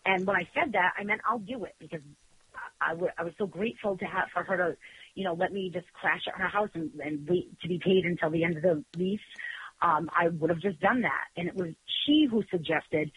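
A woman talking defensively and emphatically, with animated retellings of what others said. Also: on the low side, a little fast, slightly rough, low-quality recording. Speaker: guest defending herself. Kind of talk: heated phone-in conversation.

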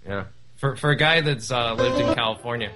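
A man's voice: mid-range voice, fairly quick, music in the background. A man sitting in as guest co-host in casual chat, dry and teasing.

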